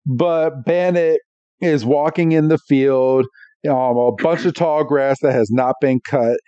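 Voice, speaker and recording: A man co-hosting a podcast, casually recapping a cartoon episode and acting out the characters' lines with lively voices. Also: mid-range voice, unhurried, clear, resonant tone, no room sound, lo-fi sound. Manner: animated storyteller, acts out character lines.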